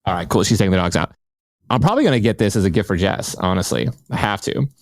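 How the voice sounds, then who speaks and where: A man hosting a podcast in casual chat, excitable and slangy, swearing freely as he tells stories from home. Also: sits low, fast, dry recording, studio quality. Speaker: podcast host.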